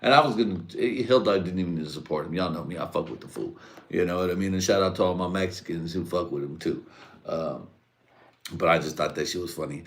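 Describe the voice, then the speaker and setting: A man's voice: low-pitched, a little fast. A man hosting his own livestream, rambling crudely and laughing at his own jokes. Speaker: livestream host. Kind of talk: casual profane livestream rant.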